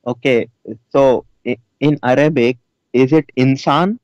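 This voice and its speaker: A man's voice: medium pitch, a little slow, a little mellow, no echo. Defensive male caller over dull call audio. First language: Urdu. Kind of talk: live online religious debate.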